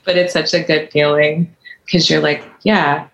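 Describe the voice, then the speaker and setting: A woman's voice: low voice, level tone, normal speed, creaky, a bit bright, dull audio, a little hiss or hum. A woman attorney who is a guest on a podcast, chatting frankly and casually with lots of fillers. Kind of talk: casual interview chat.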